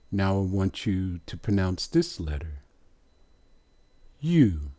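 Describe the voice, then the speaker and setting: A man teaching pronunciation in a slow, deliberate way, drawing sounds out and putting rhetorical questions to his listeners. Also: low-pitched, mellow. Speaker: religious teacher.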